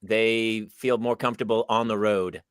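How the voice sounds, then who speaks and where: A middle-aged man hosting a casual comedic talk show, bantering quickly and joking with his guest over a livestream call. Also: fairly low pitch, fairly even intonation, smooth, no room sound, studio quality. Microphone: livestream video call.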